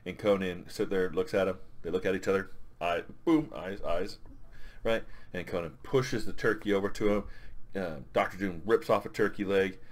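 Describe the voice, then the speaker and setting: A man's voice: low-pitched, fairly even intonation, normal speed. A man reviewing a comic in a casual, rambling way, with lots of fillers.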